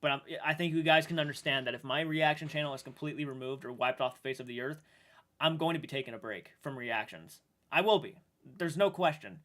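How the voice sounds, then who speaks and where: Man, livestream chat, upset, halting speech, swearing, bright edgy voice. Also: medium pitch. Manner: emotional, halting, with frequent restarts and swearing. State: shaken and upset. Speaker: streamer.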